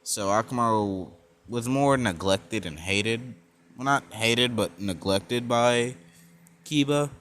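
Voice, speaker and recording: A man's voice: mid-range voice, slow, fairly bright tone, a little hiss or hum. Young guy rambling through a fan story, lots of likes and you knows, mid voice. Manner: rambling, many fillers and self-corrections. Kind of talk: casual fan-story narration.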